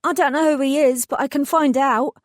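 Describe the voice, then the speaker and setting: A jumpy, shy young mechanic lad of about twenty, his voice pitched high and strained, as a woman puts him on in an audiobook. He answers in short, anxious bursts. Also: fairly even intonation, fairly quick, no room sound, studio quality. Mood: nervous.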